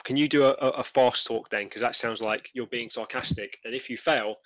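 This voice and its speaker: A man narrating a tabletop game as game master, relaxed and full of fillers. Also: mid-range voice, a little fast, low-quality recording. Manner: relaxed, many fillers and restarts.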